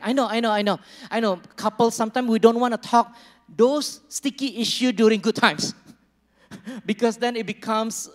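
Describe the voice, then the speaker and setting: A man preaching a sermon as a pastor, conversational and joking with the congregation, acting out small dialogues. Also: high voice. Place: church hall. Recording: long reverb of a large church hall.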